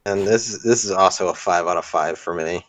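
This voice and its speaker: Low-voiced hesitant male co-host. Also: fairly quick, a bit bright, slight background noise. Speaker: podcast co-host. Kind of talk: casual movie review chat.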